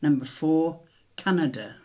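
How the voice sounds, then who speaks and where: A man with a British accent hosting a quiz, reading each question slowly and repeating it, with chatty asides in between. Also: on the high side, lively intonation, mellow. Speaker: quiz host.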